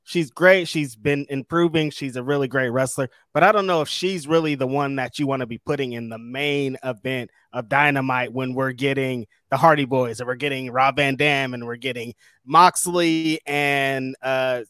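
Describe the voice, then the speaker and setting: A man's voice: medium pitch, steady tone, moderate pace, fairly bright tone, clear, resonant tone, no room sound. Dry-humored man on a podcast. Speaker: podcast co-host. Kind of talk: casual wrestling podcast chat.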